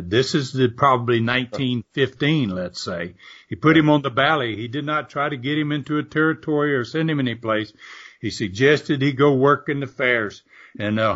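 A man's voice: mid-range voice, a bit bright. An older man, a former wrestler telling rambling stories as a guest, full of fillers and restarts. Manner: rambling anecdotal, frequent fillers and restarts, laughing asides. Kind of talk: storytelling interview. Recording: dull lo-fi audio.

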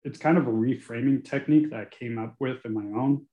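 A man in his forties, an attorney, is a guest on a candid podcast, speaking frankly and earnestly in a mid-range voice at a slightly fast clip. He gets animated and sometimes curses. The sound is phone-quality and comes from an echoey room.

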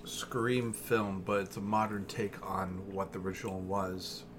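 A man's voice: low-pitched, steady tone, measured pace, background noise. A man co-hosting a podcast in casual chat, speaking in a laid-back, hesitant way with many ums. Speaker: podcast co-host.

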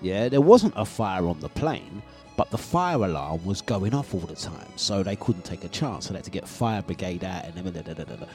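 A man hosting a breakfast radio show, telling a story in an animated, laughing way and acting out the scenes. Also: low voice, a little fast, faint music behind. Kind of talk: casual storytelling on air.

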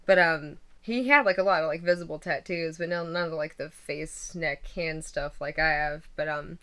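Bright-voiced woman rambling casually. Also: sits low, normal speed. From western Pennsylvania. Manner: rambling, laughs often, many fillers. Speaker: interviewee. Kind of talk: casual chat.

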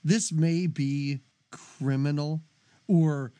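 A man's voice: on the high side, drawn-out words. A man co-hosting a movie podcast, chatting casually and joking with frequent laughs. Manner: animated, jokey, laughs often. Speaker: podcast co-host.

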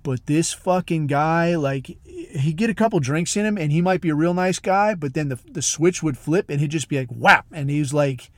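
A man's voice: fairly high pitch, normal speed, few pauses, dry recording. A man hosting a podcast, telling a long rambling story in blunt, profane, casual talk full of fillers. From military special operations community. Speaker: podcast host.

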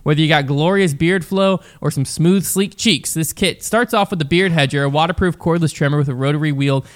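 A man's voice: fairly high pitch, a little fast. A man hosting a podcast in casual chat, reading an ad with upbeat energy. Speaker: podcast host.

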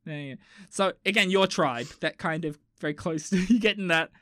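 A woman's voice: fairly low pitch, normal speed, fairly bright tone. A woman podcast host, chatting casually in a sarcastic, teasing way and swearing now and then. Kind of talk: casual chat.

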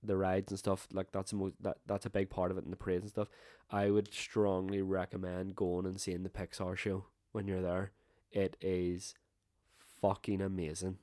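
Young man, lowish voice, dry close mic, sweary and laughing. Casual podcast co-host. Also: completely flat delivery, normal speed, dark tone, no echo. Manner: swears a lot, laughs while telling stories. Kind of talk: casual chat.

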